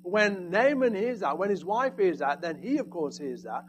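A high-pitched male preacher delivering a sermon with sharp swings in volume, booming one moment and dropping to near-whispers the next. A faint hum sits under the recording. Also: big pitch swings, normal speed, low-quality recording. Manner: dynamic, swinging from loud emphasis to hushed asides.

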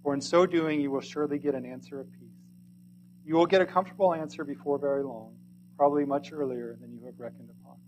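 A man reading a sermon aloud in archaic English, earnest and pleading, swinging from loud to hushed. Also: a little high, quick pace, a little hiss or hum, low-quality recording.

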